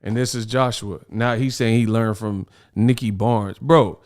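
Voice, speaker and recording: A man's voice: on the low side, steady tone, unhurried, a little mellow. A man hosting a casual boxing reaction commentary, slangy and incredulous.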